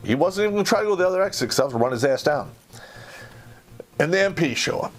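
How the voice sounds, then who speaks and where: Middle-aged us guy, cussing up a storm telling an army story, blunt, gets loud acting it out. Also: a little high, racing. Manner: blunt, swearing, animated when reenacting. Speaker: podcast host. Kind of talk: profane storytelling.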